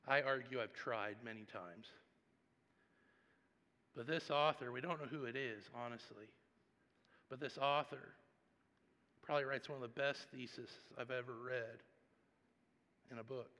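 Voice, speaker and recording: A man preaching as a pastor. He tells stories conversationally, and his loudness swings from hushed to loud. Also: mid-range voice, measured pace, pauses often, in a large hall, muffled recording. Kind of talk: sermon.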